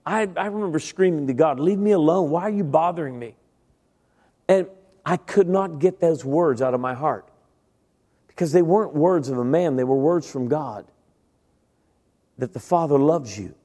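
A middle-aged man delivers a sermon built around his personal testimony. His voice sits a little high for a man. He speaks conversationally and addresses his listeners directly, and a long reverb from a large hall trails after his words. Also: normal speed, long pauses, warm tone. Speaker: preacher.

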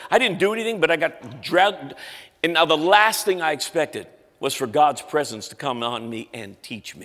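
A man preaching a story-driven sermon, animated and acting out the voices of people in his story. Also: a little high, a little fast, long reverb tail.

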